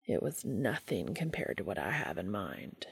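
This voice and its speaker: A woman reading a fan fiction audiobook, voicing a calm, intense adult man with a deep, gravelly voice and a low, measured delivery. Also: dry recording, studio quality, exaggerated voice. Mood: seductive.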